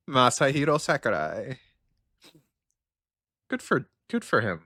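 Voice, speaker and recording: Excitable man reacting to a stream. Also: fairly high pitch, a little slow, dry recording. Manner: overexcited, exclaiming and repeating himself. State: teary, says he is in tears. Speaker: streamer reacting to a game showcase.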